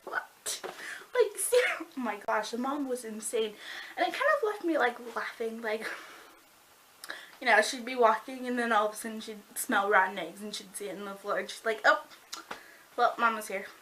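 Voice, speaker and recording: A young woman giving a casual, giggly book review, talking excitedly with lots of "like". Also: on the high side, a little hiss or hum. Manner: bubbly, giggly, fast, lots of "like".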